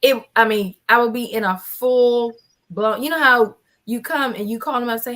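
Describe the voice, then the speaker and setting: A woman in her forties with a slightly higher voice, telling her own story as a panel guest. She talks in a lively, animated way and acts out the lines of the people in her story. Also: moderate pace. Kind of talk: personal storytelling in a casual panel chat.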